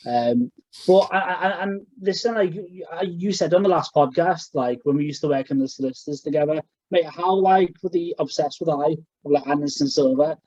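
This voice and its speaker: A man's voice: fairly high pitch, brisk, a little mellow, no room sound, muffled recording. A young man co-hosting a podcast, chatting casually and rambling with restarts. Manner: rambling, full of fillers and restarts. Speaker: podcast co-host. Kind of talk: casual chat.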